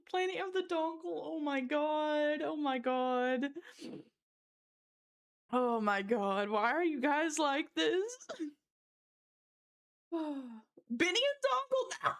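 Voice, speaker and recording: A woman livestreamer with a high voice talks at an unhurried pace in casual chat. She keeps giggling while reading chat jokes aloud and answers them with short exclaimed protests.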